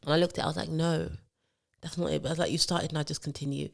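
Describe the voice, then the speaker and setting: A woman's voice: low-pitched, very fast, creaky. A woman co-hosting a podcast, telling stories animatedly and acting out what others said. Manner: animated storyteller acting out quotes. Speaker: podcast co-host. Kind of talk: casual chat.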